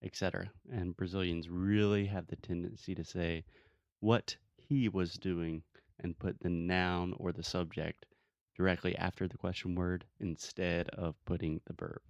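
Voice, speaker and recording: A man's voice: low voice, flat delivery, normal speed, no echo, lo-fi sound. A young man teaching English in a casual chat, patiently correcting mistakes and explaining grammar rules. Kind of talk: casual podcast lesson.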